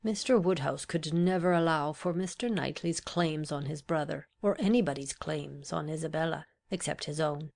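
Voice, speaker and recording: Low, gravelly woman narrator. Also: moderate pace, few pauses, a little mellow. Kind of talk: scripted audiobook narration.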